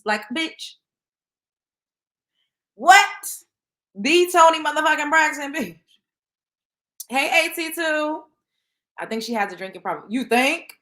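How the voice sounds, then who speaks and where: Woman gossip host, blunt and profane, bright voice, echoey room. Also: high voice, unhurried, long pauses. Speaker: show host. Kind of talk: casual celebrity gossip commentary.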